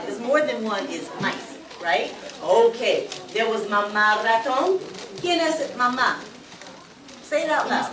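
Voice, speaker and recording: Animated woman storyteller, high voice. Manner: animated, asks the audience to call out answers. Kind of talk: bilingual children's storytelling. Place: library room with an audience. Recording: echoey room recorded from far off. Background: audience of children responding.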